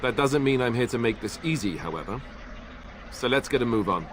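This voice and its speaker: An actor playing a stern, no-nonsense male warrior in a video game, with clear noise in the recording. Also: medium pitch, animated, brisk, lightly acted. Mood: brisk. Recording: game audio under noise.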